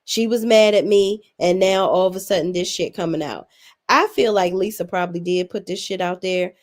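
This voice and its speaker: A woman's voice: lowish voice, moderate pace. A young adult woman hosting a casual recap, blunt, sassy and full of swearing. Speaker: reality TV recap host.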